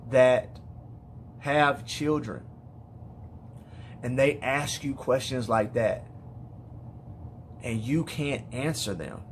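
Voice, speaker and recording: Weary, slow-talking father, heartfelt. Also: medium pitch, slight background noise. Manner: halting, with frequent repeated words and restarts. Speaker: father speaking to other parents. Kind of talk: emotional personal monologue.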